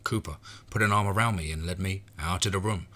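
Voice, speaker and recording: A man reading a first-person horror story in a measured, low-key way. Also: sharp tone.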